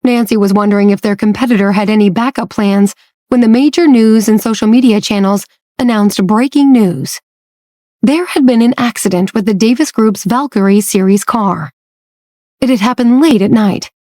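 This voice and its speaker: A woman reading a romance audiobook as scripted narration, telling the story slowly and evenly. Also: medium pitch, mellow.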